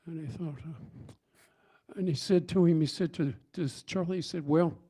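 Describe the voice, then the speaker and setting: A man's voice: on the high side, fairly even intonation, moderate pace, dark tone, breathy edge. Folksy man telling a church story. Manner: folksy storytelling with many restarts and fillers. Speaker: speaker at church service. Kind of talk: storytelling sermon. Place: church sanctuary.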